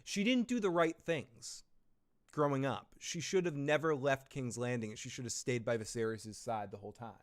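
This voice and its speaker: A man hosts a live recap stream in a clear, smooth voice at a middling pitch. He chats casually, swears often and keeps the talk loose and joking. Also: moderate pace.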